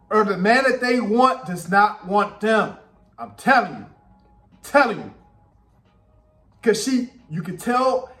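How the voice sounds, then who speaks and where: A man with a high voice gives casual reaction commentary. He speaks bluntly and emphatically and repeats his points. The room around him is echoey. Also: a bit bright. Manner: blunt, repetitive, emphatic opinions. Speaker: commentary host reacting to a podcast clip.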